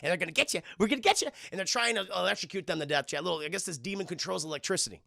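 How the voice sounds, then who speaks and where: An excitable man recaps a show for his stream chat and swears freely. His voice is high-pitched and strongly gravelly. The sound is dry and close to the mic. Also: rapid-fire, no echo. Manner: excitable, profane, keeps addressing chat. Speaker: streamer and TV reviewer. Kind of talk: casual live-stream recap.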